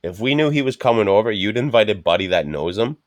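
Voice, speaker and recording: A man's voice: on the low side, expressive, fast, dry recording. A man co-hosting a podcast in casual chat, telling rambling anecdotes full of swearing and acting out what others said. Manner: acts out quoted speech of others. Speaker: podcast co-host.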